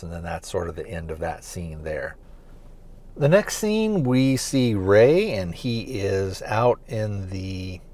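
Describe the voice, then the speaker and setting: A man hosting a podcast, recapping a TV episode in a loose, rambling way with lots of fillers like "kinda" and "you know". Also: mid-range voice. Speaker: podcast host reviewing a TV series.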